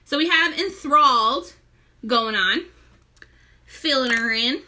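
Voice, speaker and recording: Young woman, pregnant and out of breath, casual live makeup tutorial, high bright voice, chatty with viewers. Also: lively intonation, takes it slowly. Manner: chatty, greets viewers by name while working. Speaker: makeup seller and live-stream host.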